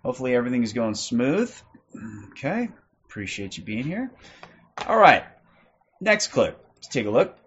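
A man's voice: medium pitch, big pitch swings, normal speed, pauses often, a bit bright, dull audio, slight background noise. A man in his forties hosting a livestream. He rants in a profane, aggressive way and ends nearly every sentence with "okay?". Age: 40s. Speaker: livestream host. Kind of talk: ranting livestream commentary.

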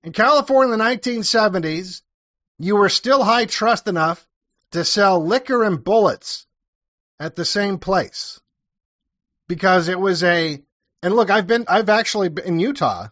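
Male storyteller, raised pitch, sarcastic and crude, dry and slightly muffled recording. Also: normal speed, a bit bright, dry recording. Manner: sarcastic, crude, with wry asides. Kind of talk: casual true-crime storytelling.

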